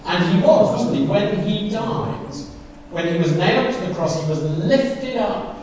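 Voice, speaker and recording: A man's voice: high-pitched, expressive, fairly quick, darkish tone, recorded from a distance, slight background noise. A man preaching a sermon, telling a story and asking his listeners questions. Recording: echoey hall, voice from afar.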